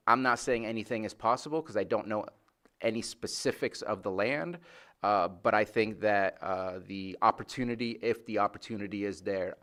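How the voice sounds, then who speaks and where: Halting male county supervisor. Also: on the low side, vocal fry, a bit bright. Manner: halting, many restarts and fillers. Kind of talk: public meeting remarks.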